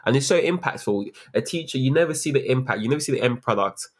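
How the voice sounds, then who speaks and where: A man's voice: medium pitch, expressive, fast talker, breathy edge. A young man who works as a teacher, talking earnestly and reflectively in a casual interview, with many fillers and restarts. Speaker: teacher, guest.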